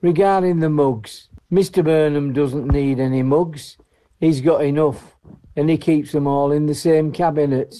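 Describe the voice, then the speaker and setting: A man's voice: on the high side, steady tone, unhurried, warm tone. A man leaving a dry, jokey voice message for a radio show. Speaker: radio listener caller.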